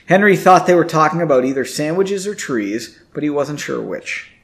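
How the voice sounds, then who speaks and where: A man reading a fantasy story aloud in an easygoing, home-made style. His voice is lively and animated, sitting slightly high. He breaks off now and then to joke about the text. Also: normal speed. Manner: chatty, self-mocking asides. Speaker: amateur audiobook reader. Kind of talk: casual reading aloud with asides.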